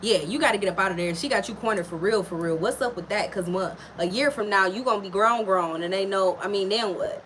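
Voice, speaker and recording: A woman's voice: medium pitch, brisk, hardly any pauses, a bit bright, a little hiss or hum. Frank, salty-tongued woman tarot reader. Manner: frank, profane and chatty, talking straight to a viewer. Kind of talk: casual live tarot reading.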